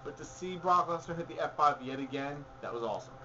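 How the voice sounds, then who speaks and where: A fairly high-voiced man chats loosely about the week's wrestling, rambling and opinionated, stopping to correct himself as he goes. The recording is dull and lo-fi with a faint hiss behind him. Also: quick pace, bright, forceful tone. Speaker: podcast co-host. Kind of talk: casual wrestling recap chat.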